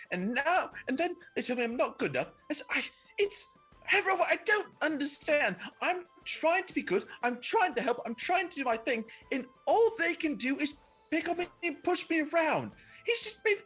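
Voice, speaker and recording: A woman voicing a sulky, put-upon tall character who complains she is being bullied. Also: medium pitch. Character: whiny tall woman upset about her outfit. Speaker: player. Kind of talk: voicing a character in a tabletop game.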